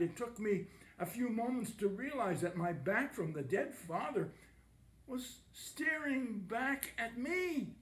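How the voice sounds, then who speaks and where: A man reading a chapter of his novel aloud in a lively, expressive first-person voice, with halting dramatic pauses. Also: high voice, roomy sound.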